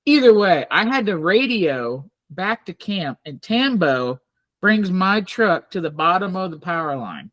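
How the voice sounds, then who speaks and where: A man spins rowdy camp stories in a loose, profane chat, his pitch swinging up and down as he goes. He jumps into high voices for the people he quotes. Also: very animated, a little slow, a bit bright, dry recording. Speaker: podcast host. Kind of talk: casual storytelling chat.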